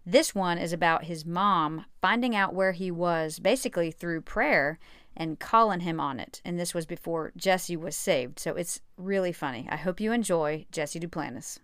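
A woman's voice: on the low side, normal speed, fairly bright tone, no room sound, clean studio sound. A woman hosting a show, giving an upbeat scripted introduction to the next segment. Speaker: show host.

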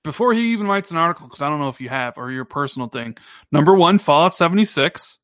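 On a gaming podcast, a male co-host chats casually and needles his partner, talking fast and animatedly. His slightly high voice jumps higher whenever he jokes around. The recording is dry and close, with no echo or room sound.

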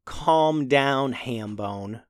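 A storyteller voicing a calm young ninja sister who speaks dryly and deadpan. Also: extremely slow, dry recording. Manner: dry, low and deadpan.

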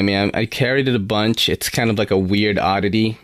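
A man's voice: lowish voice, expressive, normal speed, hardly any pauses, dry recording, studio quality. A young man casually reviewing knives on his podcast, laid-back and swearing often. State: slightly out of breath. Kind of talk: casual knife review chat.

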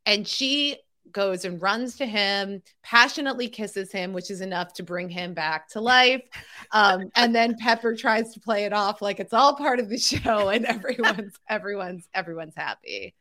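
Bright chatty woman podcast co-host. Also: medium pitch, moderate pace. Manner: chatty, laughs often, many fillers. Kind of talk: casual recap chat.

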